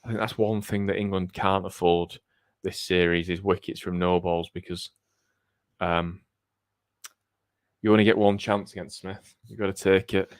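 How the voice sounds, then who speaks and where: A man's voice: sits low, steady tone, moderate pace, no room sound, clean studio sound. A man co-hosting a live cricket watchalong, chatting casually and thinking aloud with frequent ums. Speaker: cricket podcast co-host.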